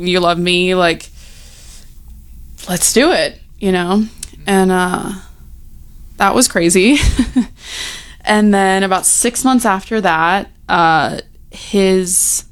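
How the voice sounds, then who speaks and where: A woman's voice: on the low side, clean tone. A young woman telling her personal recovery story in a frank, heartfelt way, full of "you know" and "like", sometimes near tears. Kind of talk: personal testimony, casual.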